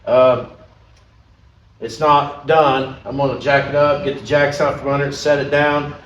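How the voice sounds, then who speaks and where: A man's voice: medium pitch, level tone, unhurried, a bit bright, muffled recording, slight background noise. A man hosting a car restoration vlog, chatting casually and folksy while he works and hands out plain advice. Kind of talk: casual chat and work narration.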